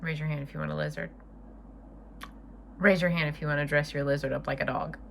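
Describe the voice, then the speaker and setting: A woman's voice: deep voice, steady tone, fast, gravelly, slight background noise. A woman reading a picture book aloud to children at home, chatting and asking them to raise their hands. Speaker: children's storyteller.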